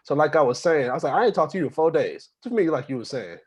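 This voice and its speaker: A man's voice: on the high side, big pitch swings, fast, a little mellow, husky. A young man doing a stand-up set at an open mic, talking loosely with plenty of fillers. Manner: loose, conversational delivery with many fillers. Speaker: stand-up comic.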